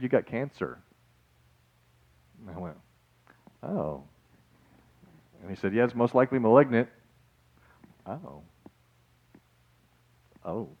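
A man with a somewhat low voice preaches a sermon in a relaxed, chatty way, calling his listeners guys and folks. He swings from loud, rising peaks to quiet, low asides. The recording is a little dull and lo-fi. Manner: animated preaching with sudden loud and soft swings. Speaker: pastor.

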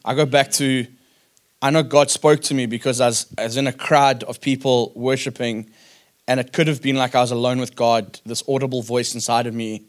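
A man's voice: medium pitch, little pitch movement, brisk. Earnest man telling a church story. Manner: earnest, storytelling, repeats words while thinking. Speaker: church planter on a panel. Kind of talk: panel discussion at a church conference.

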